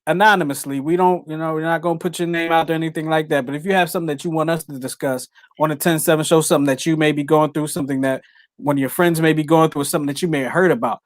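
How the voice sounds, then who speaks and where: A man's voice: fairly high pitch, fairly even intonation, racing, no echo, studio quality. A man co-hosting a casual podcast chat, laid-back and slangy. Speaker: podcast co-host.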